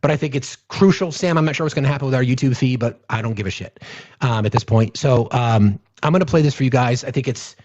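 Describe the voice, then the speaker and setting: A man's voice: mid-range voice, fast talker, a little mellow. A man hosting a political commentary show, ranting angrily and profanely and reading legal text aloud. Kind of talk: angry political rant. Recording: dull lo-fi audio.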